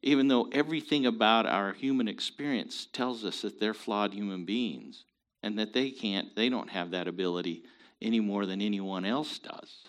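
A man's voice: fairly low pitch, normal speed. A man hosting a show, giving opinionated commentary in an emphatic, preachy way. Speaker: show host.

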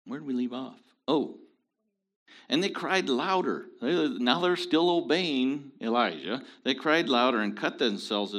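A man leading a casual Bible study, explaining scripture in an animated, folksy, joking way. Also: mid-range voice.

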